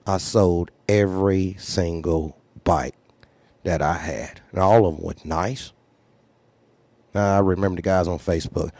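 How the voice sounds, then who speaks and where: A man's voice: low voice, steady tone, measured pace, a little mellow, no echo. A man who runs a trucking company, candidly telling a story in a blunt, profane way and repeating phrases for emphasis. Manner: acts out others' lines in raised voice.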